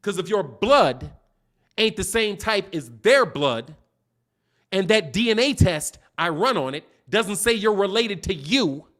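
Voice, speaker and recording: High-voiced man ranting about boxing. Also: animated, measured pace, a bit bright. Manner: profane, slangy, mocking, laughs often. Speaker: boxing channel host. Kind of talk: casual livestream rant.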